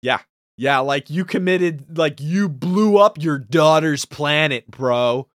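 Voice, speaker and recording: A man co-hosting a podcast, talking in an animated, profane, casual way. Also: on the high side, slow, no echo, clean studio sound. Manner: animated, profane, laughs often. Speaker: podcast co-host. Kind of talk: casual chat.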